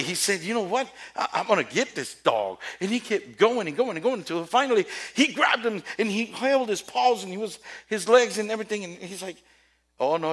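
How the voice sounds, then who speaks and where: A man preaches a passionate sermon, swinging from quiet storytelling to loud, rising questions aimed at his listeners, in a high, slightly rough voice.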